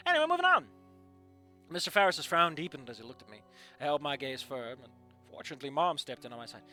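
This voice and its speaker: A man reading a story aloud and breaking off with animated, sarcastic asides to the characters. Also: medium pitch, fast, faint music behind. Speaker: fanfiction reader.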